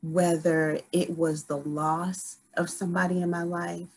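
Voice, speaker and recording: A woman guest on a podcast telling a story in casual conversation, animated and full of restarts. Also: fairly low pitch, unhurried, slightly rough, low-quality recording.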